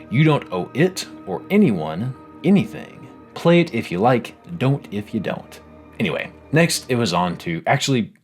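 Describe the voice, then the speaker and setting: A man narrating a scripted game review video, animated, wry and self-mocking. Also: fairly low pitch.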